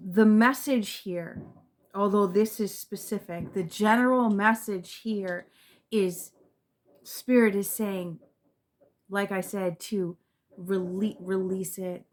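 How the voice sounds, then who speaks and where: A woman giving a spiritual tarot reading to her viewers, reflective and earnest, often repeating words and trailing off softly. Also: medium pitch, fairly even intonation, takes it slowly. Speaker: tarot reader.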